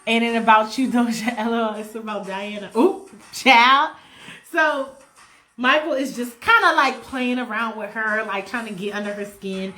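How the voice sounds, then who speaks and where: A woman casually telling a story, animated, chatty and profane. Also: a little high, moderate pace.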